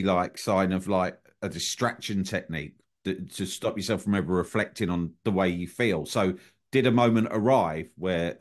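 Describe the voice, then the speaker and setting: A man hosting a podcast interview, asking reflective questions with hesitant, searching phrasing. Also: sits low. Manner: thoughtful, hesitant phrasing with restarts. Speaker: podcast host.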